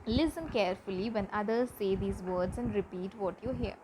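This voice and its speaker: A woman's voice: medium pitch, moderate pace, noisy background. A woman teacher, giving a pronunciation lesson and carefully repeating example words.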